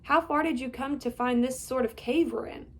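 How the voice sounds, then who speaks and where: A woman's voice: sits high, steady tone, normal speed. A woman voicing a polite, patient young boy who talks earnestly.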